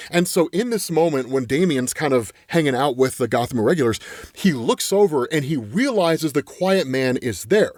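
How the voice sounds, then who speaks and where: An enthusiastic man recaps a comic storyline in a casual, chatty way, leaning on "right?" over and over. His voice sits fairly high and swings in lively pitch. The close mic gives a dry, roomless sound. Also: fairly quick, no echo. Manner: enthusiastic, full of "right?" and "just like". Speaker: comics explainer host.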